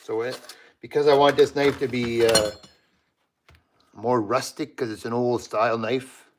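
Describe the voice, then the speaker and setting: A man's voice: mid-range voice, fairly even intonation, measured pace, noisy background. Chatty Canadian man streaming live. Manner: chatty, greets viewers by name while working. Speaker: livestream host. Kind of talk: casual live-stream chat while working.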